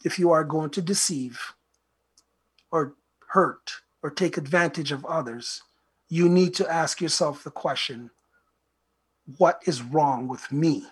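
Husky earnest male talk-show host. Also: on the high side, unhurried. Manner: earnest, repetitive, reflective. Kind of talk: self-help talk show monologue.

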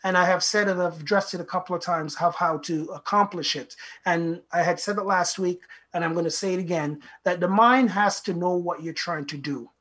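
Husky earnest male talk-show host. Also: high-pitched, fairly quick, hardly any pauses, fairly bright tone. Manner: earnest, repetitive, reflective. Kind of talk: self-help talk show monologue.

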